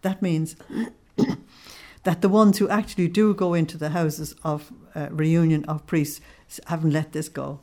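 A woman teaching on a devotional text, explaining it line by line and pausing often with "uh". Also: low-pitched, steady tone, dark tone. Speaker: religious teacher.

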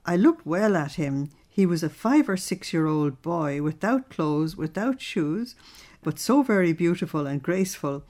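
A woman with a fairly low voice reads a devotional diary aloud and stops now and then to explain it. Her manner is earnest and reflective. She gives the quoted prayers real feeling. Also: lively intonation, normal speed, darkish tone. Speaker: religious teacher.

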